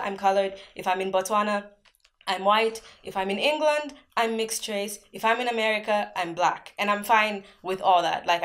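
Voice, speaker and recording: A young woman from Zambia chatting on camera in a casual Q&A vlog, telling stories with lots of "like" fillers. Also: medium pitch. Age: young adult. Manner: chatty storytelling, many "like" fillers. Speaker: vlogger.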